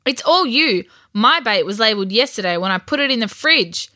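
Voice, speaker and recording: A woman's voice: mid-range voice, lively intonation, a little slow, sharp tone, no room sound, studio quality. A woman doing a grumbling little brother. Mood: indignant. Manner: grumbling, defensive. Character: grumpy young boy, fishing-loving brother.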